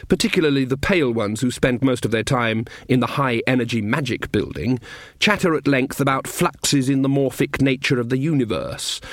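A man's voice: medium pitch, no room sound. Dry-voiced man reading a story. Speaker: narrator. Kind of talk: audiobook narration.

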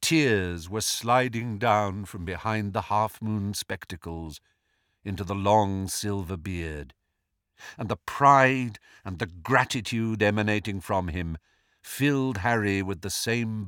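A man reading a fantasy novel aloud as an audiobook narrator, with expressive, measured storytelling. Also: lowish voice, dry recording, studio quality. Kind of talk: scripted narration.

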